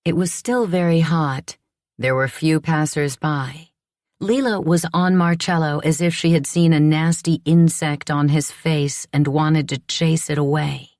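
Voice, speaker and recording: A woman narrating an audiobook in the first person, with a measured, reflective delivery. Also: deep voice, fairly even intonation, darkish tone, no room sound, studio quality.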